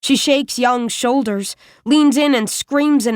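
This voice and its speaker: A woman reading a first-person novel aloud as an audiobook narrator, in a measured, deliberate way. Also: fairly high pitch, no echo, clean studio sound.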